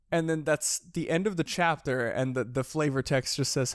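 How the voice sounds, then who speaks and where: A man with a slightly raised voice co-hosting a casual podcast. He laughs a lot, gets excitable and swears often. He is recorded close and dry. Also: fairly high pitch, moderate pace, no echo. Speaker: podcast co-host. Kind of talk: casual chat.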